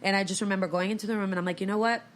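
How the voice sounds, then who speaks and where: A woman guest actress telling animated stories in a casual podcast interview in a studio. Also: medium pitch, rapid-fire, a little hiss or hum. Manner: animated storyteller.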